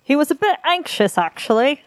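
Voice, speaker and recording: A woman's voice: high voice, big pitch swings, fairly quick, dry recording. A woman voicing a flirtatious, posh middle-aged British prince in a comedic reading, with a put-on plummy upper-class accent. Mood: flirty.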